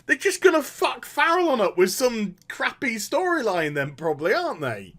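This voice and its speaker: A man's voice: very high voice, wildly swooping pitch, moderate pace, pushed and bright. Sarcastic man ranting animatedly. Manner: sarcastic, swears freely, mocking impressions. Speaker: gaming commentator. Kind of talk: animated opinion rant.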